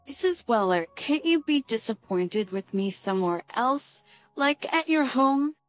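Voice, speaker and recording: A woman voicing a calm, sarcastic betrayed husband in a spoken story. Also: high-pitched, unhurried, no room sound, faint music behind.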